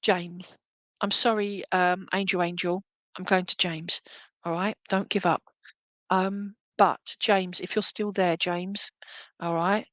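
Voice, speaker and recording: Gentle, reassuring woman medium. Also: medium pitch, no echo. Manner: gentle, reassuring, halting, many tag questions. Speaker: psychic medium. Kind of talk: live spirit reading for viewers.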